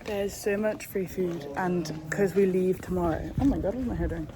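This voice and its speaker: A woman's voice: lowish voice, moderate pace, a crowd in the background. A young woman, chatting to her phone camera in a casual, giggly, hyper way. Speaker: swimmer vlogging at competition. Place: hotel and pool area, indoors. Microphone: handheld phone camera. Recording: background noise, ambience.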